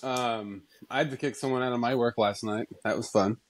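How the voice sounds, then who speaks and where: A man's voice: mid-range voice, fairly even intonation, brisk, poor audio. A man in his thirties co-hosting a podcast, rambling loosely with lots of fillers and laughing often. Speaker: podcast co-host. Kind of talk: casual chat.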